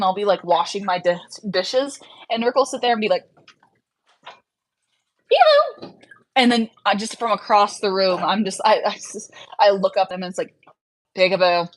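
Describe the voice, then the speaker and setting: A woman's voice: medium pitch, rough recording. A tired woman hosting a casual livestream chat, rambling and trailing off as she works on her screen, laughing often mid-sentence. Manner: chatty, rambling, trails off while working on screen. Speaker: livestream host.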